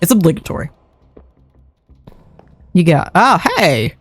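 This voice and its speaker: A man's voice: fairly high pitch, expressive, unhurried, dry recording. A man livestreaming a game, chatting and muttering his thoughts aloud as he plays. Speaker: streamer. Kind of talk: live game-stream commentary. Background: faint background music.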